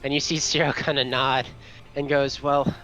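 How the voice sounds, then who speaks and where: A man's voice: medium pitch, little pitch movement, normal speed, pushed and bright, highs cut off, soft background music. A man narrating a tabletop game as game master, in a loose, rambling manner full of fillers.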